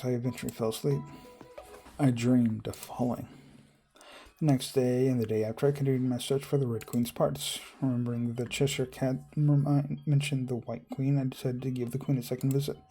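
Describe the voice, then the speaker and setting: A man's voice: medium pitch, vocal fry, dark tone. A man reading a visual novel aloud, sometimes stumbling over words and making wry asides about the game.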